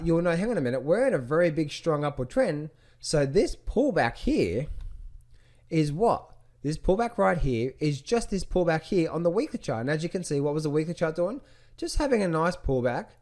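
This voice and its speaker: A man's voice: a little high, sing-song, moderate pace, darkish tone. A man teaching trading from charts on screen, who keeps asking rhetorical questions and repeating his phrases. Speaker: trading coach. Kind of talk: screen-share chart walkthrough.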